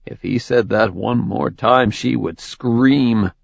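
Male audiobook narrator, gravelly and unhurried, dull dry sound. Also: medium pitch, no room sound. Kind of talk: scripted narration.

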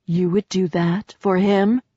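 A woman voicing a commanding, wry goddess with a cool, curt, lower delivery, in a storybook reading. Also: steady tone, slow pace, dark tone, husky, dry recording. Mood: stern. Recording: slightly dull dry recording.

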